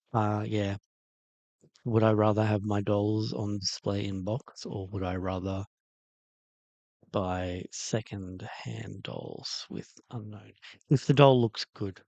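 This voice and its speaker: A man's voice: on the low side, creaky, a little mellow, no room sound, highs cut off. A man hosting a casual livestream about doll restoration, talking in a rambling, hesitant way with many ums and uhs. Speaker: toy restoration livestream host. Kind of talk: casual livestream chat reacting to a video.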